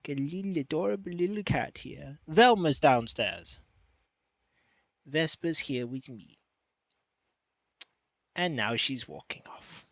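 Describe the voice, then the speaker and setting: A man's voice: a little high, expressive, slow, gravelly, pauses often, fairly bright tone, no room sound. A man streaming from home, chatting casually with viewers and cooing at his cat. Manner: chatty, coos and baby-talks to his cat. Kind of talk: casual pre-stream chat.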